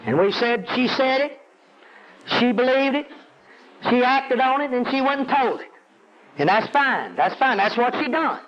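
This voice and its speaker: A preacher with a very high voice, working a congregation with call-and-response and climbing to intense peaks. The recording sounds dull and lo-fi, with muffled highs. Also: male voice, expressive, a little slow, pauses often. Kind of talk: sermon. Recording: dull lo-fi audio.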